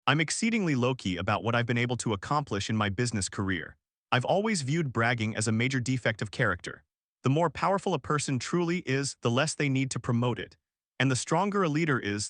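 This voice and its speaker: A man voicing a calm, assured rich mentor. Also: mid-range voice, dry recording, studio quality, close to an everyday voice. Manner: assured, emphatic, motivational. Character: calm, confident wealthy older male mentor.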